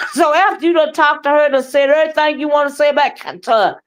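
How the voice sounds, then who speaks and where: A woman's voice: high voice, animated, a little fast. A woman hosting a live stream, giving heated, profane commentary in a blunt, scolding manner.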